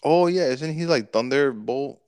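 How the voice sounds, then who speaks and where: A man co-hosting a podcast, retelling movie scenes in an animated, profane way and putting on quick voices for the characters. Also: medium pitch, clean tone, no echo. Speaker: podcast co-host. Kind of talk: casual movie review chat.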